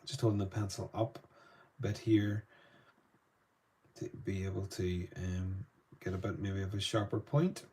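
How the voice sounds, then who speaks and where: A man's voice: low voice, measured pace, long pauses, mellow. A Northern Irish man chatting loosely through a live painting lesson, greeting viewers between strokes. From Northern Ireland. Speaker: art tutor.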